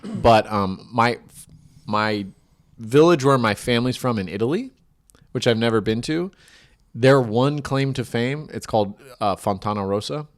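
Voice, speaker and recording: A man co-hosting a comedy podcast in a mid-pitched voice. He trades dry, offhand jokes in loose chat and often stops and restarts his sentences. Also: a little slow. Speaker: podcast co-host.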